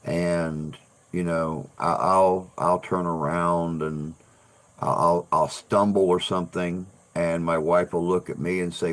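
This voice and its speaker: A man's voice: deep voice, flat delivery, takes it slowly. A man hosting a casual livestream chat, rambling and restarting his sentences, with the odd swear word. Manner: rambling, repeats words, swears. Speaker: livestream host.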